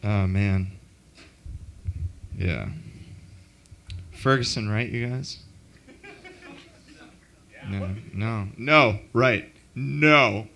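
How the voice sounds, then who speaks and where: A man doing a deadpan, self-mocking stand-up comedy set at an open mic in a club. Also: fairly low pitch, drawn-out words, vocal fry, long pauses, slight background noise.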